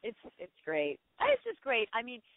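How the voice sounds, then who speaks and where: A woman's voice: on the high side, huge pitch swings, no room sound. A middle-aged actress chatting effusively as an interview guest, often restarting her sentences. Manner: effusive, chatty, quick self-corrections. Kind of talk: casual interview chat. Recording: dry tinny phone line.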